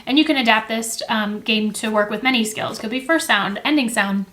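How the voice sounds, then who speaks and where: A young woman teacher with a slightly high voice explains classroom activities to camera. She talks in a casual, friendly way, with plenty of fillers and quick self-corrections. She sounds close to the camera, seated at a table indoors. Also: pushed and bright, slight background noise. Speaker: teacher and education video host.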